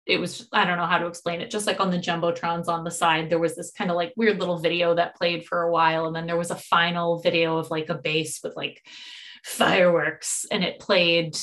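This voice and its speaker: A young woman tells a story in casual chat, her voice bright and a little tense. She acts out the people she quotes and jumps way up in pitch when she gets excited. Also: brisk.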